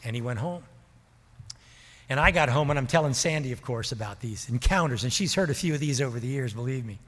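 Middle-aged male pastor, earnest storyteller, average pitch, reverberant church hall. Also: expressive, a bit bright. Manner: earnest, slows down for emphasis. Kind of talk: storytelling sermon.

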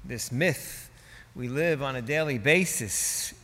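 A man's voice: mid-range voice, slow pace. Man preaching in a reverberant hall. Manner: dramatic, emphatic preaching with wide swings in loudness. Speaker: pastor. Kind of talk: sermon.

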